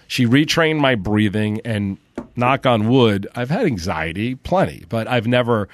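A middle-aged man from New York, a podcast guest telling stories in casual interview chat, animated and swearing freely. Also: medium pitch, measured pace, a little hiss or hum. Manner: animated storyteller, swears freely, acts out quotes loudly.

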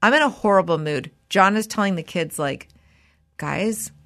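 Animated woman podcast host, bright voice. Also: mid-range voice, fairly quick. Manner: animated storytelling, acts out quotes, swears freely. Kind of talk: casual chat.

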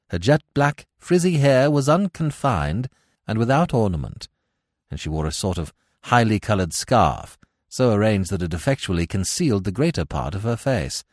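A man narrating a classic novel in expressive, dramatic storytelling style for a podcast. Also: on the low side, no room sound, clean studio sound.

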